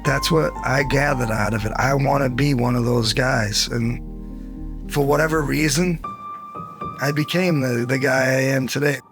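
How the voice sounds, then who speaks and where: Gravelly New man telling stories. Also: mid-range voice, measured pace. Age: 50s. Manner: animated, acts out quoted dialogue, chuckles between beats. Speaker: interviewee, former champion. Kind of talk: documentary interview storytelling. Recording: soft music bed under the voice.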